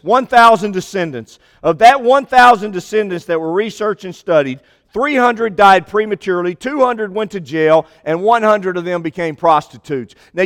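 A man preaching a sermon with an emphatic, repetitive cadence, slowing down to stress key lines. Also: sits high, a bit bright. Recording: long hall reverb.

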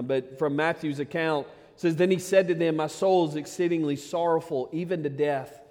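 A pastor preaching a sermon, fervent and emphatic, addressing the congregation directly. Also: male voice, a little high, darkish tone. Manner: fervent, emphatic preaching with many "man" interjections. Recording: long hall reverb.

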